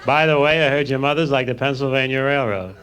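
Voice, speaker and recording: A man voicing a teenage boy who delivers insults in a sly, deadpan comedian impression, on a crackly vinyl record. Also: medium pitch, fast talker, natural voice.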